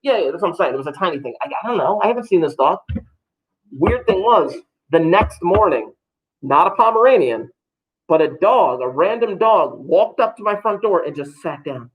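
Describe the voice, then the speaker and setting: A man teaches a class, speaking in a casual, joking way. His voice sits a little high for a man. He rambles into stories between instructions. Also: sing-song, moderate pace, highs cut off. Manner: joking, loose and chatty. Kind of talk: classroom talk to students.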